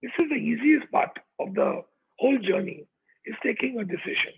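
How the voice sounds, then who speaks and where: Brief: high, gravelly male motivational speaker, raspy and chatty, heard through thin call audio. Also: lively intonation, a little fast, a little hiss or hum. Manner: chatty, checks in with the audience. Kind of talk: motivational talk. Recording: tinny online call audio.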